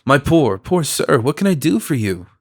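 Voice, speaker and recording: A man voicing a solicitous male stranger, a confidence man who talks in a gentle, persuasive and flattering way. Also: medium pitch, moderate pace, breathy edge.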